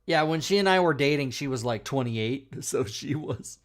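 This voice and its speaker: A man hosts a casual talk show and drifts into crude, rambling anecdotes. He laughs often as he tells them, and his voice sits at an ordinary middle pitch. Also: expressive, normal speed. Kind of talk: casual chat.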